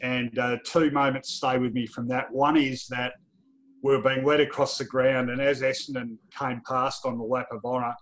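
A man with an Australian accent, a football journalist guest, telling lively anecdotes in casual podcast chat and laughing often. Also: medium pitch, moderate pace.

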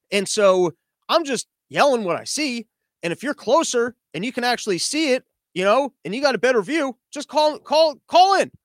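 In a dry recording, a man with a high-pitched voice hosts a comedy news show from his living room. He rants sarcastically, swearing a lot and firing off exasperated rhetorical questions.

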